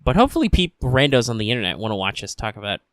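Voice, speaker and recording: A man giving a sarcastic, deadpan, profane commentary on a movie, sleepy and yawning, recorded on a home mic with no camera. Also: mid-range voice, racing, no echo. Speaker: film commentator. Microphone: home podcast mic, no camera.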